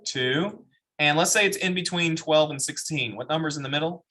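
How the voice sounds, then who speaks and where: A man's voice: a little high, moderate pace, pushed and bright. A man teaching a math class, explaining step by step and asking the students questions. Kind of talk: classroom lecture.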